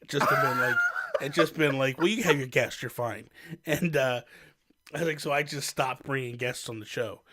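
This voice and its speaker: A man's voice: medium pitch, normal speed, a bit bright, slight background noise. A man co-hosting a casual podcast, rambling and teasing with frequent laughter. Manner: laughs often. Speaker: podcast co-host.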